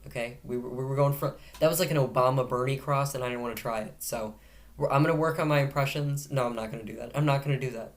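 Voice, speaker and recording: A man at a middle pitch talks through the day's news into a camera. His tone is casually sarcastic, with dry jokes dropped between the headlines. He keeps tripping over his words and fixing them as he goes. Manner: frequent self-corrections and restarts. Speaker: host of a news commentary show.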